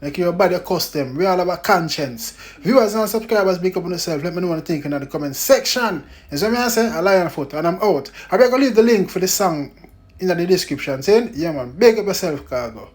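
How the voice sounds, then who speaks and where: A man with a Jamaican accent and a high voice hosts a casual music commentary vlog, talking a little fast and in an animated way. He tags his lines with "you know" and "big up."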